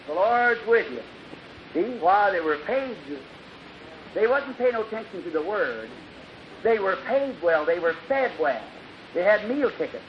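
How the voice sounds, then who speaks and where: A man, preaching in an old-time revival sermon, his voice high and thin. He tells a story and acts out each speaker, rising to loud bursts and dropping to hushed lines. The recording is dull and lo-fi, with a steady hiss. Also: a little slow. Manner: storytelling, acting out dialogue with sudden loud bursts and soft drops.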